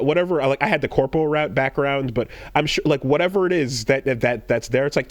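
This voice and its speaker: Animated man retelling a game story. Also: medium pitch, normal speed, few pauses, no echo. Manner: animated storytelling, acts out quoted lines in raised voices. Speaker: podcast co-host. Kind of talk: casual chat.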